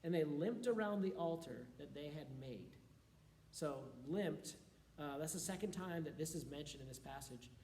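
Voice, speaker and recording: A man, a youth pastor, reads a scripture passage aloud and breaks off now and then to explain it in a quick, offhand way. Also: a little high, lively intonation, darkish tone, slight background noise. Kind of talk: scripture reading with casual commentary. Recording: roomy echo.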